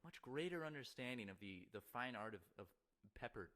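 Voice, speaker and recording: A young man around twenty co-hosts a casual podcast, his mid-pitched voice lively and swinging up and down. He jokes around and trades banter with easy laughs. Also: a little fast. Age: about 20. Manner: laughs easily, playful banter. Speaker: podcast co-host. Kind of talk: casual chat.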